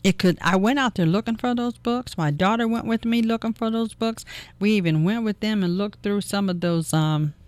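A radio talk show host giving earnest, encouraging advice, slowing down for emphasis. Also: medium pitch.

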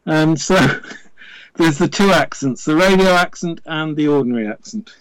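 A man's voice: a little high, normal speed, dry recording, rough recording. Hesitant British man from Wales. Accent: Welsh-influenced British English. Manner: hesitant, many fillers and restarts. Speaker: radio presenter guest. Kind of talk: casual interview chat. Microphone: remote line to studio.

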